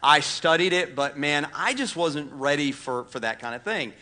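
Bright-voiced pastor, casual and self-deprecating. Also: male voice, on the high side, expressive, normal speed. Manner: casual storytelling, self-deprecating, frequent fillers. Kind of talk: sermon. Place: church auditorium.

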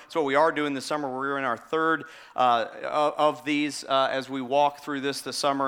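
A middle-aged pastor giving a sermon, chatty and storytelling, with frequent restarts. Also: male voice, a little high. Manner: hushed, slow prayer voice.

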